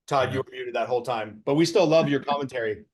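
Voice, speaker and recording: A man's voice: medium pitch, fast talker. Rambling, blunt man hosting a call. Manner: rambling, blunt, self-promoting. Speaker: mortgage lender hosting a training call. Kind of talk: casual training talk on a video call.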